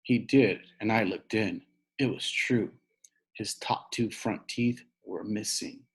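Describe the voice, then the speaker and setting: A man reading a children's book aloud, telling it in an animated way. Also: lowish voice, takes it slowly, gravelly, slightly rough. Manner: animated storytelling with a boyish narrator's voice. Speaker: reader.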